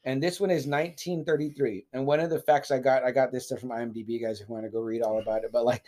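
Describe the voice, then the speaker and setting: A man co-hosting a casual movie-review podcast, animated and profane, acting out scenes in quick little impressions. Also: medium pitch. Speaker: podcast co-host.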